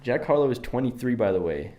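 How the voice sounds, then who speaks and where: A man's voice: medium pitch, lively intonation, brisk, mellow. Twenties guy co-host, rambly, filler-packed, bouncy intonation. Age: 20s. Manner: rambling, filler-heavy, laughs a lot. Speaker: podcast co-host. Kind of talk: casual chat.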